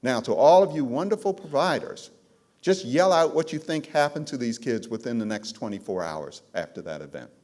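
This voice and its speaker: A man's voice: mid-range voice, lively intonation, normal speed, a little mellow. A man giving a presentation on trauma to a live audience of care providers, telling stories with emphasis and calling out to the crowd. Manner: emphatic storytelling, calls out to the audience. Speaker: trauma trainer.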